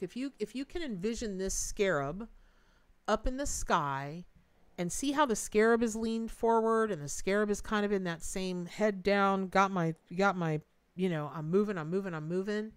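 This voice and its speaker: A woman's voice: medium pitch, no echo. A middle-aged woman hosting a live tarot reading, chatty and emotive, thanking viewers as she goes. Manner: folksy and emotive, thanks donors, says y'all and Lordy. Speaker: tarot reader and livestream host.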